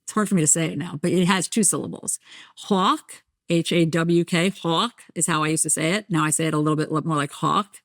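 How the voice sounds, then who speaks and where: This middle-aged woman, a journalist from New Jersey, keeps a light New Jersey accent. She speaks in a somewhat low voice, telling stories candidly, acting out other people's lines and laughing at herself. Her voice is recorded close and dry. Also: fast, hardly any pauses, no echo. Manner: animated storyteller, acts out voices, self-deprecating. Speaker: podcast guest, journalist and author. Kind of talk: candid conversational interview.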